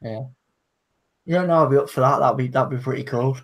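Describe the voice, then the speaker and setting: A man's voice: medium pitch, brisk. Easygoing man. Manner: easygoing, agreeable, chatty. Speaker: guest on a live stream. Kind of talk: casual chat between friends.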